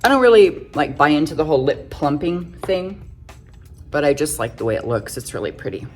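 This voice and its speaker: A woman's voice: low-pitched, very animated, brisk, slightly rough, faint music behind. A middle-aged woman chatting through a casual makeup tutorial, full of self-joking, giggly asides. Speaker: makeup vlogger.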